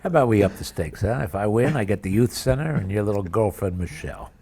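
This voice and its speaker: Greedy taunting male villain, read by a man with a cold, low and lively, sketch reading. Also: fast talker, husky. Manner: sneering, taunting, read from script. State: has a cold. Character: greedy scheming male bully rival, adult.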